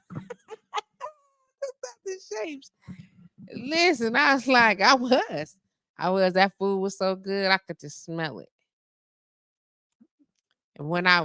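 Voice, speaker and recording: A woman's voice: on the low side, dry recording, clean studio sound. A woman hosting a live radio show, chatting casually, laughing often and cooing baby talk at her dog.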